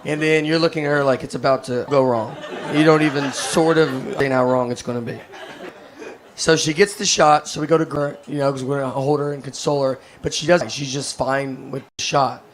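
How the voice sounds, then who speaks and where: A middle-aged man doing a stand-up comedy set, telling rambling deadpan stories full of fillers. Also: mid-range voice, brisk. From United States. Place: stage before a laughing audience.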